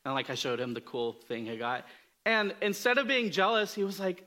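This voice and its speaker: A man's voice: high voice, big pitch swings, brisk, sharp tone. A man giving a casual storytelling sermon, joking about himself, with many fillers and restarts. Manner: conversational, self-deprecating humor, frequent fillers and restarts. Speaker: preacher.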